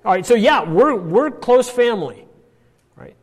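A man's voice: extremely high pitch, very animated, a little slow, darkish tone, slightly rough, big-room sound. A man teaching a Bible passage, explaining step by step and checking in often with "all right" and "right?".

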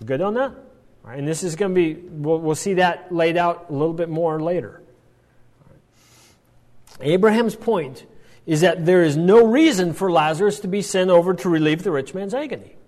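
Man, high-pitched voice, Bible teacher, explanatory, checks in with listeners often. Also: expressive, moderate pace, in a large hall. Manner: explanatory, with frequent "all right" and "right?" checks.

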